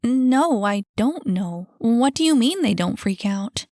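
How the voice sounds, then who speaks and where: Narrator doing a high, earnest young goblin woman, bright and eager, for a storybook read. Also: expressive, takes it slowly, no echo, clean studio sound.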